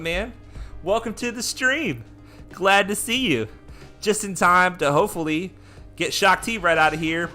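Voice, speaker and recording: A man giving excited live commentary while playing a mobile game, chatting with his viewers as he goes. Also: on the high side.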